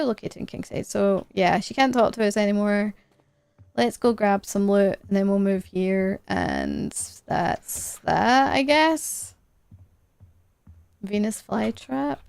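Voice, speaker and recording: A woman's voice: medium pitch, creaky, darkish tone, smooth, no room sound. A woman streaming a game live, chatting to herself as she plays and laughing often.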